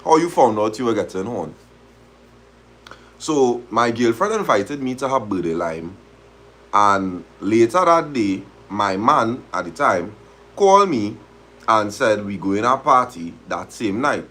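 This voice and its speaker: Animated husky man. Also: lowish voice, a little slow. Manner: animated, dialect-heavy, laughs at the story. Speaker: host of a live talk stream. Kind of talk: reading a story aloud and reacting, casual.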